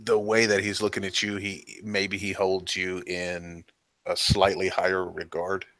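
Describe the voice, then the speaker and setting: Game master, male, deep forceful voice, loose casual narration. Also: completely flat delivery, a little slow, no room sound. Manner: loose, hedging narration with "kinda" and "like".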